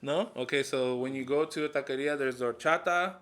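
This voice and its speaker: A man's voice: medium pitch, fairly quick, a bit bright. Joking, loose-talking man. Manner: loose, joking, swears, drops in Spanish words. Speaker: podcast host. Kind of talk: casual interview chat.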